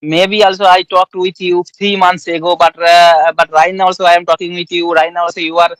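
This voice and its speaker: A man's voice: high voice, flat delivery, brisk, fairly bright tone, clean tone, dry recording, poor audio. A man with an Indian accent interviewing a guest in casual English practice, hesitant with many fillers and restarts.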